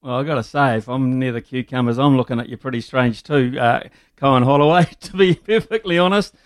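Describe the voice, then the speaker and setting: A man's voice: mid-range voice, clean tone, dry recording. A man with a New Zealand accent hosting a sports radio show, joking and teasing his guest in casual banter. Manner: joking, teasing, quick to laugh. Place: radio studio. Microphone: studio microphone.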